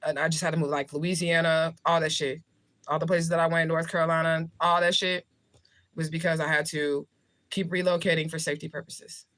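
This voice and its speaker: She has a deep voice with a flat delivery, a fairly quick pace and a fairly bright tone. An American spiritual reader hosting a livestream, she answers viewer comments casually, joking bluntly, swearing heavily and laughing a lot.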